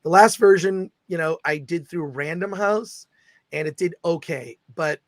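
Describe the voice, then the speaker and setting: A middle-aged man hosting a casual livestream chat, excitably reading viewer comments aloud. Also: a little high, unhurried, no echo. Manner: excitable, reads viewer super chats aloud. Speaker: host.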